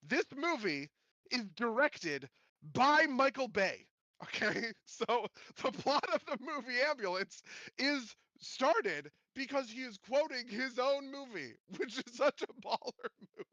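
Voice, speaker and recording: Man, high bright voice, rambling casual podcast chat, dry close sound. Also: a little slow, no room sound, muffled recording. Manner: rambling, animated, self-interrupting. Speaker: podcast host.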